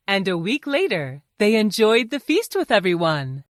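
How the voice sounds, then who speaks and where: A woman narrating a children's storybook in a slow, sing-song way. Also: medium pitch, sing-song, a little hiss or hum. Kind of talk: scripted children's story reading.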